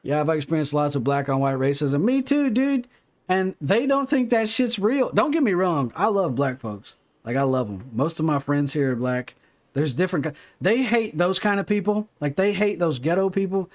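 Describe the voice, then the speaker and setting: A man's voice: on the high side, animated, moderate pace. A man chatting casually on a gaming livestream, swearing freely and rambling through stories from his life. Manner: profane, rambling storytelling.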